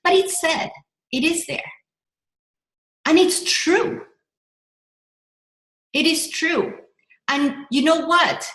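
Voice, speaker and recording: A middle-aged woman coaching a workshop, talking in an animated, rambling way with many restarts and self-corrections. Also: extremely high pitch, drawn-out words, pauses often, reverberant, rough recording. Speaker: business coach. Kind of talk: motivational workshop talk.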